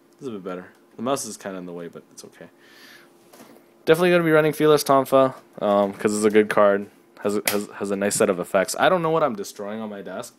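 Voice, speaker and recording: A tired young man casually reviewing trading cards from his desk, rambling and self-deprecating. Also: fairly low pitch. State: tired and yawning. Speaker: card game reviewer. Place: home desk.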